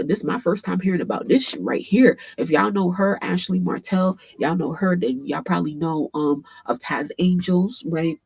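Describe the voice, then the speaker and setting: A woman hosting a casual commentary livestream, animated and swearing freely, with AAVE speech and frequent fillers. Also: low voice, vocal fry, slightly rough, no echo. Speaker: livestream host.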